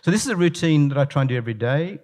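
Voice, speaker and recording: A man's voice: on the high side, very fast. A man giving a live talk to an audience, telling anecdotes with lots of restarts. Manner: animated storyteller, frequent restarts. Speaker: guest speaker, leadership coach.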